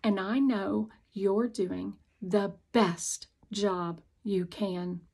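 A woman reading as a worn-out mother from a storybook, pleading earnestly but keeping a practical, reasonable tone. Her voice is close to the reader's own and unhurried. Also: on the high side.

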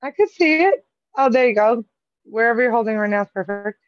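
A woman with a raspy, gravelly, smoky voice and a Long Island accent, co-hosting a casual chat and laughing often. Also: on the high side, animated, brisk, no room sound, lo-fi sound. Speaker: podcast co-host.

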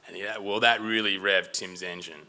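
An Australian man telling a personal story on stage, animated and exasperated, swearing freely and slipping into the other voices. His voice is on the low side, with a faint hiss of noise behind it. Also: normal speed.

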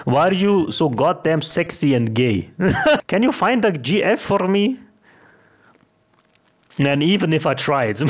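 A man's voice: on the high side, slight background noise. A young man from Austria, answering fan questions in a brash, cocky, profane and joking way. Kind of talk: casual Q&A vlog.

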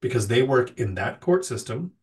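A man's voice: mid-range voice, animated, moderate pace, darkish tone, far from the mic. Nasal-voiced man answering live chat. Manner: plain-spoken, reads chat questions then answers them at length. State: getting over a cold. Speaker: host answering viewer questions. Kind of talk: casual livestream Q&A.

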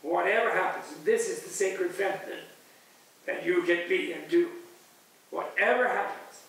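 A man giving a spiritual teacher's closing talk at a retreat. He speaks in an animated, digressive way, often chuckling. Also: high voice, moderate pace. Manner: animated and digressive, chuckling, acting out voices of others. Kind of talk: discursive spiritual lecture. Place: large echoey hall at a retreat center. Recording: echoey, distant room recording with faint hiss.

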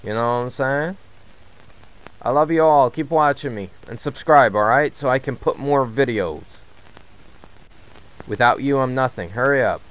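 A man giving casual commentary while playing a horror game, swearing a lot and getting jumpy and loud when something startles him. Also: mid-range voice, moderate pace, long pauses, low-quality recording. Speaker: gamer and channel host. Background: game music.

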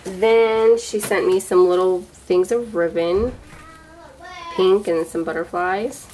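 A woman's voice: fairly low pitch, slow pace, warm tone, a little hiss or hum, poor audio. A woman in her thirties chatting casually as she unboxes a gift box of craft supplies, gushing and rambling with lots of fillers. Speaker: vlogger showing a gift box. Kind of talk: casual show-and-tell unboxing.

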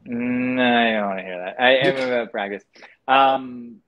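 A male actor, a guest in a casual interview, talking in a relaxed and candid way, acting out quotes as he goes. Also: mid-range voice, a little slow, highs cut off. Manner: relaxed and candid, with frequent restarts and acted-out quotes.

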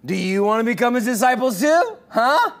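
Once-blind man, snarky and bold, high pushy voice done by a pastor. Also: sing-song, takes it slowly, fairly bright tone, exaggerated voice. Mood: sarcastic. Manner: bold, incredulous, rising emphasis. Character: sarcastic plain-spoken formerly blind man.

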